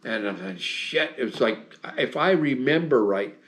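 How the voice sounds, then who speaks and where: A man's voice: mid-range voice, lively intonation, moderate pace, a little hiss or hum. An American man in his seventies, telling old stories as an interview guest. He rambles, circles back with fillers and restarts, and chuckles as he goes. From United States. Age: 70s. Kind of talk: casual storytelling interview.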